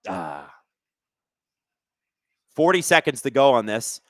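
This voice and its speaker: A man hosting a live hockey watch-along stream, commenting casually on the play and reading chat, excitable and sarcastic, swearing at the refs. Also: a little high, moderate pace, no room sound, studio quality.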